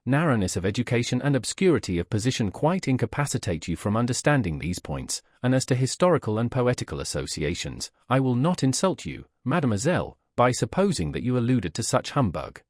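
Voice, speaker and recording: A man voicing a sneering English gentleman. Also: mid-range voice, no echo, clean studio sound. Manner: contemptuous, lecturing. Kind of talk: audiobook reading.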